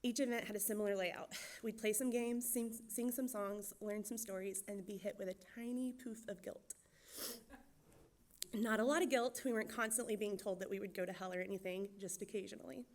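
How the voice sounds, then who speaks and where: A young woman, a church children's director from Georgia, gives a nervous personal testimony, talking quickly and laughing often. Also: mid-range voice, steady tone, darkish tone. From Georgia, USA.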